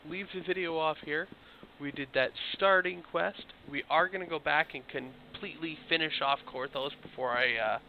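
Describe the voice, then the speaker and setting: A slightly hoarse man giving casual gameplay walkthrough commentary, explaining things loosely and speaking straight to his viewers. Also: fairly high pitch. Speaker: video game walkthrough host. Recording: tinny phone-like mic with faint hiss.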